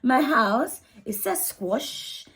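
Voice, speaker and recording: A woman's voice: high voice, animated, drawn-out words, fairly bright tone, pitched above the performer's own voice, full character voice. A woman voicing a fed-up old woman in a crowded house, exclaiming and pleading as she reads a storybook aloud.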